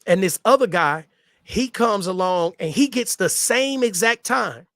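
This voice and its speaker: High-voiced man telling stories in slang. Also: animated, measured pace, a bit bright. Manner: loose street slang, repeats himself for emphasis. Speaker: host telling his story. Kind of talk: casual storytelling.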